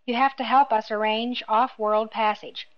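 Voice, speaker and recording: A woman's voice: a little high, fairly even intonation, moderate pace, close to an everyday voice. Earnest young man, read by a woman; firm, direct delivery; dull recording.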